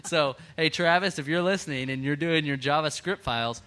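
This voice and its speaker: Bright-voiced young Texan podcast host. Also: male voice, on the high side. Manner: chatty, quick to laugh. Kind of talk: casual podcast chat.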